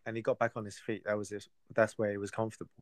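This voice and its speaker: Male podcast host, lowish voice, asks and recaps, dry close mic. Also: flat delivery, rapid-fire, no echo. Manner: asks questions and recaps for listeners. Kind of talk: casual podcast chat.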